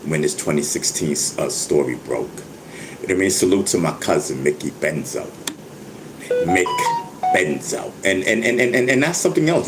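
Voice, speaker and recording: A man's voice: low-pitched, slight background noise, low-quality recording. An older man, talking casually to his viewers, stammering, repeating words and laughing often. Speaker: vlogger, rapper. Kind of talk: casual livestream monologue.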